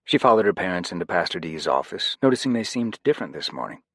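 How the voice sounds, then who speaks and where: A man narrating an audiobook with an expressive, varied delivery. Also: low voice, fast, no echo, studio quality.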